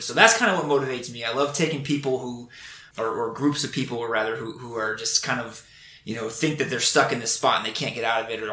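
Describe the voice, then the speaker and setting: A man's voice: medium pitch, steady tone, quick pace, pushed and bright, reverberant. A man in casual conversation, telling earnest stories about training recruits, with frequent restarts. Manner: earnest, storytelling, many restarts. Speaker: Air Force instructor.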